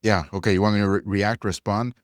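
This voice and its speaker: Man, podcast co-host, heated profane rant, low voice, dry close sound. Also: steady tone, fast talker, no room sound. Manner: blunt, profane, worked-up ranting.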